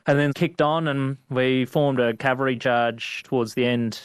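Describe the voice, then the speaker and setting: A man's voice: medium pitch, a little fast, few pauses, smooth, no room sound. A young Australian man, a rural vet, telling stories in an interview, laid-back and rambling with lots of fillers. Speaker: guest, outback vet. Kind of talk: storytelling interview.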